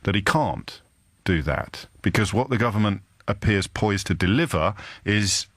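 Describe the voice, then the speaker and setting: Male talk radio host, deep voice, slight Kidderminster accent, sardonic, measured, dry booth sound. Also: animated, a bit bright, no echo. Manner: emphatic, sardonic, deliberate pauses. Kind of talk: live radio monologue. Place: radio studio. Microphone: studio microphone.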